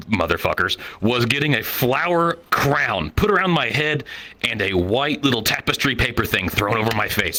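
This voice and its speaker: Bright-voiced profane stand-up man. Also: mid-range voice. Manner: profane, animated, swings between voices for quoted people. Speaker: stand-up comedian. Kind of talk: stand-up storytelling. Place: comedy talent show stage.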